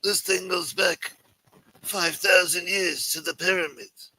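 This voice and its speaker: A rambling, sentimental mob elder, as a man puts him on, pleading in a raised, bright voice. He wanders from point to point, full of old-world nostalgia. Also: steady tone, takes it slowly, heavily acted, poor audio. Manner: higher-pitched, rambling and wheedling.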